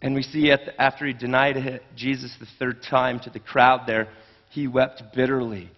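A man's voice: medium pitch, little pitch movement, normal speed, big-room sound, highs cut off. A man preaching a sermon in an earnest, conversational way, often restarting his phrases. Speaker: pastor.

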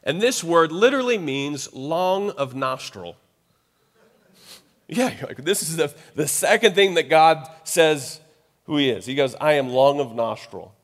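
A man's voice: a little high, expressive, a little slow. A man preaching a sermon in a loose, conversational way. He acts out quoted voices and keeps checking in with "right?". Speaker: pastor. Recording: long hall reverb.

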